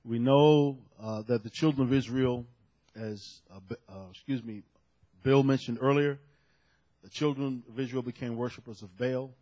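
A man preaching a sermon, telling a story and building to loud shouted peaks. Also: medium pitch, steady tone, normal speed, highs cut off. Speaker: pastor.

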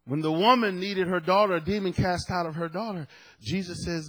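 Husky-voiced preacher man, emphatic. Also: high-pitched, brisk. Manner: emphatic, repeats key phrases for effect; dramatic storytelling with sudden loud peaks. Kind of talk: sermon.

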